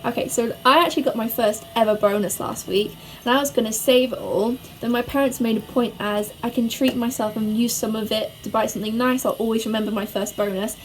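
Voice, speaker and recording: A young woman from England answering viewer questions in a chatty, bubbly way, speeding up when she gets excited. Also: a little high, brisk, hardly any pauses, slight background noise. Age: young adult. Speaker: vlogger. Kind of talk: casual to-camera Q&A.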